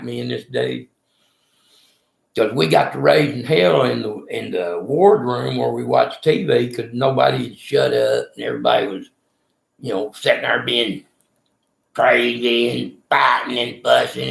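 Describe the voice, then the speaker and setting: Middle-aged Texan man, very gravelly, folksy rambling storyteller, mid pitch. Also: roomy sound. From Texas. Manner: rough-spoken, swearing, folksy.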